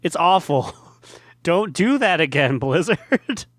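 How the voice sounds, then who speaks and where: Chill podcast dude, kinda high voice, jokey, mic sounds super dry. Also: male voice, slow pace, dry recording. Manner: relaxed, joking, swears casually. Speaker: podcast co-host. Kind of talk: casual gaming chat.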